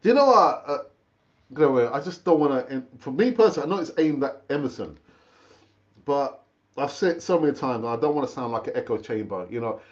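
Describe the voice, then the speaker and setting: A man's voice: medium pitch, expressive, brisk, dull audio. Chatty man hosting a live fan stream. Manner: chatty, repeats himself, calls viewers brother. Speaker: football fan channel host. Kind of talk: casual live stream chat.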